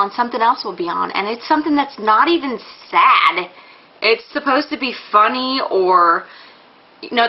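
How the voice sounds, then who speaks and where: A woman's voice: a little high, highs cut off. A young woman talking casually in a pregnancy vlog, rambling with many fillers and restarts, candid and a little embarrassed. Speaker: vlogger.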